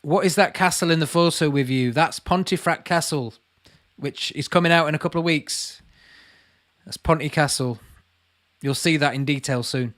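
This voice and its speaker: Chatting on a livestream in a moderately paced, slightly bright voice on the high side, a Lancashire-accented man in his late thirties reads viewers' comments aloud. He's the channel host and keeps calling people mate.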